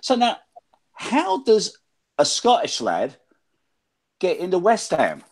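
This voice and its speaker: Man asking halting, repetitive questions. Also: high-pitched, huge pitch swings. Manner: halting questions, repeating words. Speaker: host. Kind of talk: casual interview chat.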